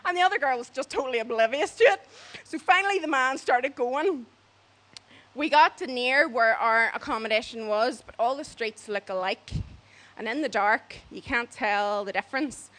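A woman tells a story casually and lively, often acting out other people's voices and laughing as she goes. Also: on the high side, normal speed. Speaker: storyteller on a church mission trip.

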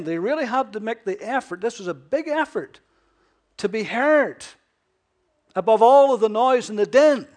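High-voiced emphatic male preacher. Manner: emphatic, with rhetorical questions and swings between loud and hushed. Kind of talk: sermon.

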